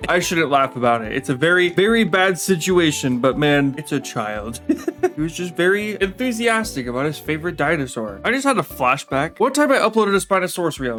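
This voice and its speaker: A young man chatting casually while he draws, joking and teasing himself in a playful way. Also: a little high. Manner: playful, self-mocking, jokey asides. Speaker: artist drawing on stream. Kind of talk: casual chat while drawing. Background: soft background music.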